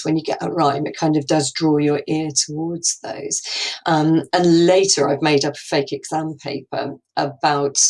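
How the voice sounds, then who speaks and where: Low-voiced woman teaching. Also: low-quality recording. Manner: musing, full of rhetorical questions. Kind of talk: recorded lesson.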